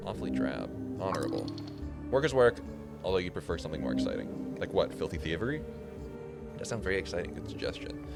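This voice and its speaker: A man's voice: low voice, very animated, fast, creaky. Man muttering over game music. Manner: joking, muttering, swears casually. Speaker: streamer playing a game. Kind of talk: casual gaming commentary.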